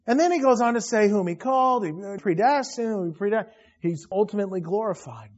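A man preaching a sermon as pastor, emphatic, with his voice rising into loud bursts. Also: high voice, animated, quick pace, lo-fi sound.

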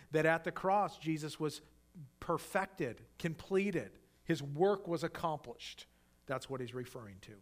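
Male preacher, sermon, slightly high voice, emphatic scripture reading, conversational explanations, frequent restarts. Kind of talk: sermon, Bible exposition.

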